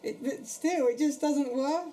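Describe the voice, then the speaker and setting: A man's voice: extremely high pitch, measured pace, dark tone. A man from Portugal co-hosting a podcast in casual chat, rambling, swearing a lot and laughing often. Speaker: podcast co-host.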